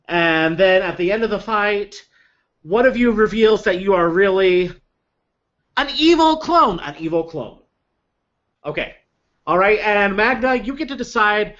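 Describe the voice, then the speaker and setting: A man game master leads his tabletop players in a lively, fairly high voice that jumps around a lot. He often stammers and restarts mid-phrase, and the audio sounds dull and low-fi. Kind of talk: running a tabletop game, casual.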